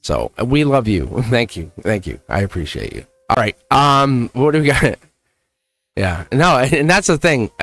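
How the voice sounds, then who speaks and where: At a measured pace, this tarot livestream host speaks in a medium, slightly bright voice that is very animated. He's chatty and supportive, laughing frequently as he talks.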